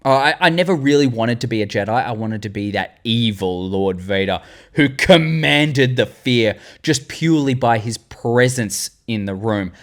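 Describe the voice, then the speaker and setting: Animated Australian man in his twenties. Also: medium pitch, moderate pace. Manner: animated, rambling, swearing, loses words mid-sentence. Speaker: channel host. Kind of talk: excited fan tier-list commentary.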